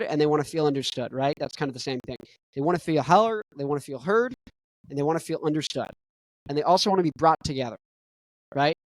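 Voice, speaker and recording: A man's voice: mid-range voice, no room sound, poor audio. Young male podcast host; loose, chatty, filler-heavy delivery with a mid-range voice, recorded dry. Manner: rambling, full of "right?" and "you know" asides. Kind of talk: casual solo podcast monologue.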